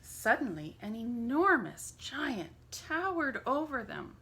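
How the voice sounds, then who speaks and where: Bright, slow-paced woman storyteller. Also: mid-range voice. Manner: expressive storyteller. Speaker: church family program leader. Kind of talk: reading a children's story aloud.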